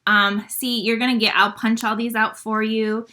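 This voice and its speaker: Bright, chatty woman demonstrating crafts. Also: a little high, flat delivery. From Michigan, USA. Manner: chatty and fast-talking, with many fillers. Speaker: paper-craft demonstrator hosting a live stream. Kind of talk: casual live craft demo.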